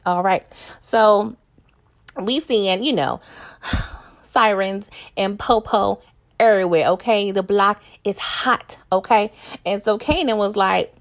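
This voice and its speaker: A woman's voice: medium pitch, slow. A young woman from New York giving a casual, chatty recap of a TV episode, laughing often and talking straight to her viewers. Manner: chatty, laughs often, addresses viewers as "y'all", acts out characters' lines.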